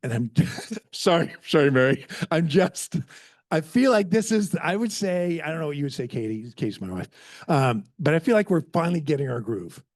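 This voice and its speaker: A man's voice: a little high, expressive, normal speed, darkish tone, dry recording. Earnest middle-aged man preaching, dry sound. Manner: earnest, conversational, self-deprecating storytelling. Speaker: pastor. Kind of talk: sermon.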